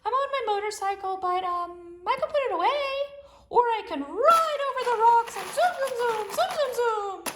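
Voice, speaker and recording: A woman voicing a tiny, cheerful toy rider in children's pretend play, squeaky and sing-song. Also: expressive, moderate pace, reverberant, very noisy. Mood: playful.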